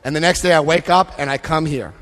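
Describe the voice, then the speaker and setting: Male convention speaker, high-pitched voice, emphatic, repeats himself, long hall reverb. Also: fairly quick, fairly bright tone. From United States. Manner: emphatic, repeats key phrases, asks the crowd questions. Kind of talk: recovery talk with book reading.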